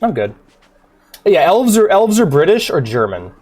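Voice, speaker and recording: A man's voice: high-pitched, sing-song, moderate pace, darkish tone, faint music behind. Man rambling casually on a game stream. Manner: rambling, profane, chatty with chat. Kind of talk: casual gaming stream chat.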